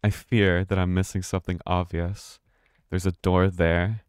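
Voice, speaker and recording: A man's voice: low voice, flat delivery, unhurried, clear, resonant tone, no room sound, clean studio sound. A man streaming a game live, chatting casually and rambling, often swearing and laughing. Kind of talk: casual live gameplay commentary.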